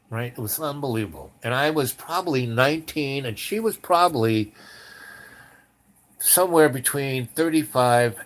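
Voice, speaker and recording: A man in his seventies telling a long personal story in a meandering way, with many fillers and restarts. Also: mid-range voice. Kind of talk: rambling spoken anecdote.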